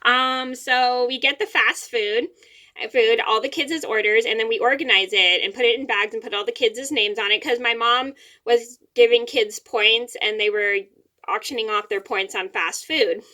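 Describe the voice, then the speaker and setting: Young woman, rambling casual vlogger, bright higher voice, a bit teary. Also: steady tone. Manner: rambling, repeats words, quick apologies. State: a little teary-eyed. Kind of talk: casual storytelling to camera.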